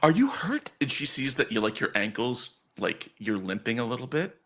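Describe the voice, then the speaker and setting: A man's voice: mid-range voice, moderate pace, bright, forceful tone. A man running a tabletop game as game master, narrating loosely with lots of "like" and restarts.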